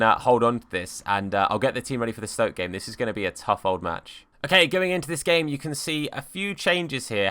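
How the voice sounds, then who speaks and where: A man's voice: on the low side, pushed and bright, dry recording. A young man giving chatty, playful commentary over a football video game, with mock outrage and banter. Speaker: gaming YouTuber.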